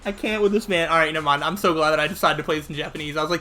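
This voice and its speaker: A man's voice: fairly high pitch, racing, faint music behind. A man hosting a let's play, casually commenting on a game and reading its text aloud as he plays. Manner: animated, thinks out loud.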